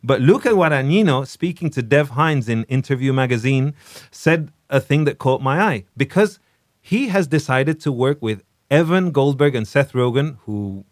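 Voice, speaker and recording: A podcast host with a medium-pitched, animated voice chats casually about films at a moderate pace, emphatic and frequently restarting his sentences. The studio-quality recording has no room sound.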